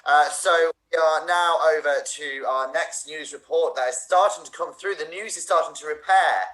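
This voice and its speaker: A man improvising a smooth, mock-formal male news anchor who teases his co-host. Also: a little high, moderate pace, a bit bright, natural voice, rough recording. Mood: teasing. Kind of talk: improv comedy.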